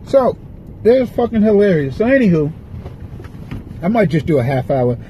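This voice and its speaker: A man's voice: high voice, big pitch swings, normal speed, dark tone, slight background noise, low-quality recording. A man hosting a podcast, rambling and cursing as he vents from his parked car. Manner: profane, restless, venting. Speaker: podcast host. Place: parked car in a parking lot.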